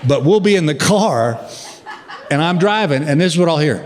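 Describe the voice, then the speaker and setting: A middle-aged man telling a stand-up routine, a drawling storyteller who mimics his wife in a higher voice. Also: animated, quick pace. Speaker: stand-up comedian. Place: large theater stage. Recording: long hall reverb with loud crowd. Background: audience laughter.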